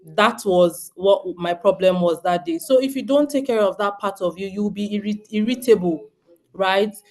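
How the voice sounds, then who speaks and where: Her voice sits in the mid range and moves at a normal speed. A Nigerian woman in her thirties, she gives homeschooling parents a direct, earnest talk, often asking her listeners questions.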